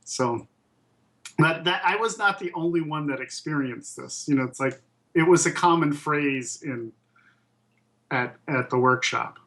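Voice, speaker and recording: Fairly high-voiced man, reflective storyteller. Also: a little slow, fairly bright tone, low-quality recording. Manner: thoughtful, with frequent ums and restarts. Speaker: puppet and toy designer guest. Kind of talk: casual interview storytelling.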